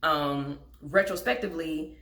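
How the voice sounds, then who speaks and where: A woman's voice: sits low, measured pace, fairly bright tone. A young woman in a casual storytime vlog, candid and chatty, with frank swearing and wry laughs. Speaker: vlogger telling a personal story. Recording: echoey room.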